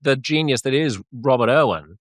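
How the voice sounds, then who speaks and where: A man's voice: mid-range voice, expressive, normal speed, no room sound. A man hosting a podcast interview, chatty and jokey, often laughing as he talks. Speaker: podcast host. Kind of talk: casual interview chat.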